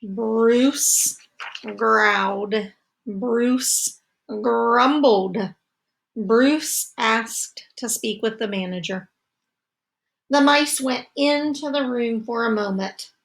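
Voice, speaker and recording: A woman teacher reading a picture book aloud to children, slow and expressive, with asides to her listeners. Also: fairly high pitch, creaky.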